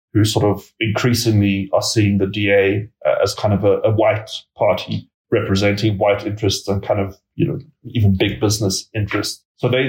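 A man giving measured expert commentary as an interview guest, hedging his points with many filler words. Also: on the low side, darkish tone, roomy sound, low-quality recording. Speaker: political risk analyst guest.

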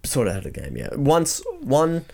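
A man's voice: medium pitch, huge pitch swings, normal speed, creaky, warm tone. A man, co-hosting a casual podcast chat, laughing and swearing through loose banter. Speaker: podcast co-host.

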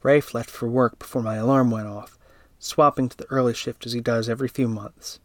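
A man reading a first-person story aloud in a steady, even narrating voice. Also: mid-range voice, brisk, dry recording.

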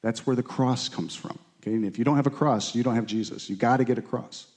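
A man's voice: fast, darkish tone. A man teaching a Bible study in a conversational sermon style. He speaks earnestly and informally, often checking in with "right?" and "okay?". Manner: acts out quotes with lifted, pleading pitch.

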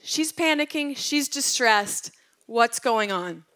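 A woman's voice: fairly high pitch, lively intonation, slow, fairly bright tone. A woman retelling Bible stories in a casual devotional talk. She tells them with animation and drops to a whisper at tender moments. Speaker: Bible teacher.

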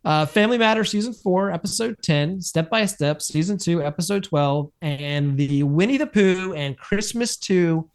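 Man, podcast co-host, slightly higher voice, laid-back, opinionated, repeats himself. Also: animated, moderate pace, hardly any pauses, clean tone. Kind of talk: casual recap chat.

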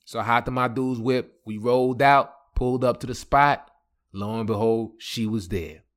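A young man hosting a podcast tells a personal story in heavy slang, laughing often. His mid-range voice moves at a normal speed in this casual storytelling.

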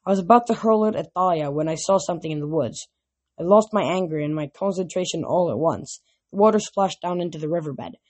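A woman narrating a novel aloud in a plain, steady reading voice. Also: lowish voice, fairly quick.

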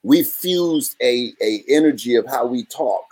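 A man's voice: mid-range voice, measured pace, breathy edge, no echo. A man from Brooklyn with a New York accent, chatting casually and animatedly in slang as a podcast co-host. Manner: animated, slangy, slips into mimicry. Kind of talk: casual chat.

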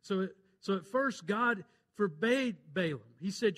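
A Southern preacher from Mississippi retelling a Bible story from the pulpit. His voice sits high for a man and rises and drops in volume with each turn. Folksy, country-plain storytelling. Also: lively intonation, slow, a bit bright. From Mississippi, USA. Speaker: pastor. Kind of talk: sermon.

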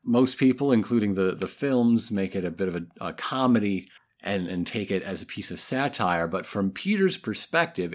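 A man co-hosting a podcast, reading listener letters aloud in a playful, halting way with many restarts. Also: on the low side. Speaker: podcast co-host.

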